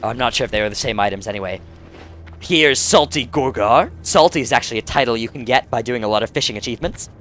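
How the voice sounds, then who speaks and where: A man's voice: medium pitch, expressive, fast, fairly bright tone, faint music behind. A man, the host, giving chatty, rambling commentary over his gameplay and correcting himself often. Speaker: let's play host.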